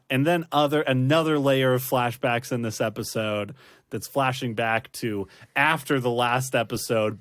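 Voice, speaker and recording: A man's voice: medium pitch, a bit bright, no echo, studio quality. A man hosting a casual rewatch podcast, laughing often and rambling through fillers and restarts. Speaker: podcast host.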